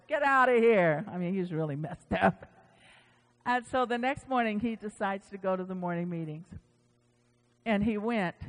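A preacher giving a sermon in a church, animatedly retelling stories with quoted dialogue. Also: mid-range voice. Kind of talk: sermon storytelling. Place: church sanctuary. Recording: long church-hall reverb.

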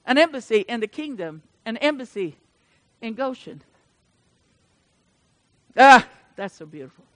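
A middle-aged woman pastor delivers an emotional, storytelling sermon. Her voice sits high and bright, and it drops to near-hushed confidences before rising to fervent proclamations. The sound is close and dry, with almost no room around it. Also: sing-song, unhurried, pauses often, no room sound. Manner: emotional, storytelling preacher who swings from soft to loud.

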